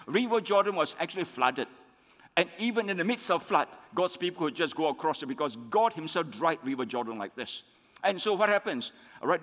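A male pastor with a fairly high voice delivers a sermon. He calls the congregation friends, repeats his key points and keeps tagging lines with "isn't it?". His voice rings out with a long reverb from the church hall. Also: a bit bright.

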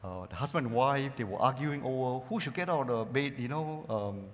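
A male pastor preaching a sermon, calling his listeners "church" and using many "you know" fillers. He moves between loud, emphatic lines and quiet asides. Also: medium pitch, expressive, brisk, in a large hall.

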